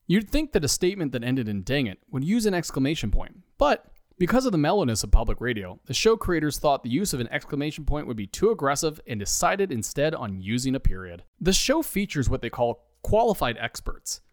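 A man narrating a comedy audio story with a dry, wry touch. His pitch moves a lot, and the recording is close and dry. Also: no room sound.

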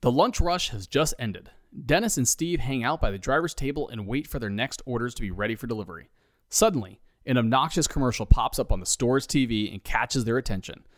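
Male comedy narrator, wry, lively, dry close sound. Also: mid-range voice, fairly quick, no room sound.

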